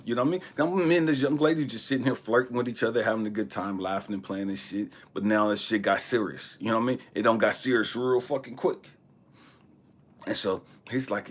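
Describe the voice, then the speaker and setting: A man hosting a spiritual channel, telling a personal story in an animated, emphatic way, swearing freely and sometimes dropping to a whisper. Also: on the low side, fairly quick, slightly rough. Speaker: spiritual channel host and intuitive reader. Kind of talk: casual storytelling monologue.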